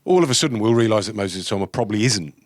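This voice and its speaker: Measured man, low voice. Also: lively intonation, no room sound, studio quality. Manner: measured, building arguments point by point. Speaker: boxing journalist. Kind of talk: casual podcast chat.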